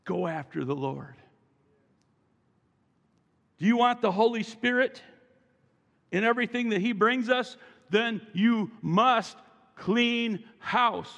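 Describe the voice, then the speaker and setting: A man's voice: extremely high pitch, a bit bright. A male pastor preaching a sermon with emphasis and calling the congregation to repeat after him. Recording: long reverb from a large hall.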